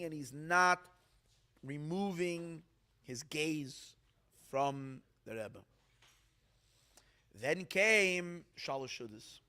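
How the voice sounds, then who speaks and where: A rabbi with a somewhat high voice tells a story with animated, dramatic delivery. He acts out each quote as he goes. He repeats words to build suspense. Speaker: rabbi telling stories of tzadikim. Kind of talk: storytelling talk at an evening gathering.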